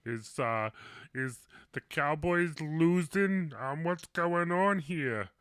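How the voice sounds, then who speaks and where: A man's voice: fairly high pitch, slow pace, fairly bright tone, clean tone. A man co-hosting a live call-in stream, trading crude, laughing jokes in casual profane banter. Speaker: co-host.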